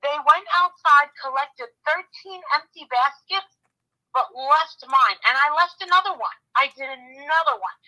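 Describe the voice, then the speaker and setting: High, sharp-voiced woman rambling. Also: a little slow, poor audio. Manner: rambling, animated retelling with many restarts; blunt and swears. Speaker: true-crime YouTuber. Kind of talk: casual chat.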